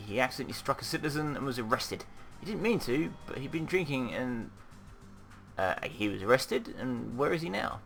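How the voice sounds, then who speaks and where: A man reading the lines of a worried young woman whose husband was arrested, speaking in a halting, anxious way. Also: mid-range voice, animated, vocal fry, fairly bright tone, faint music behind. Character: upset young wife, worried about husband.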